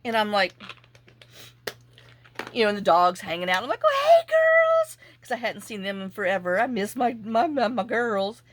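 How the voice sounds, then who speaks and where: A woman hosting a crafting vlog, chatting casually and telling a rambling, animated story with asides while she works. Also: medium pitch, moderate pace, long pauses. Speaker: junk journaling channel host.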